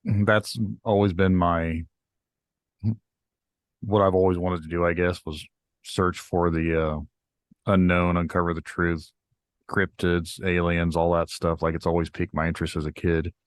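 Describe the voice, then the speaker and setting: A man hosting a podcast, talking in a relaxed, hesitant way with frequent hedging. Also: sits low, a little slow, no room sound. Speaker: podcast host. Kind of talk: casual podcast talk.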